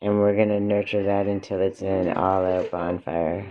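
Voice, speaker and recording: A man's voice: sits low, level tone, moderate pace. A man giving an earnest, emotional spiritual reflection at home, repeating phrases for emphasis. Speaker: parent and vlogger. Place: home with children nearby. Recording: dull lo-fi recording.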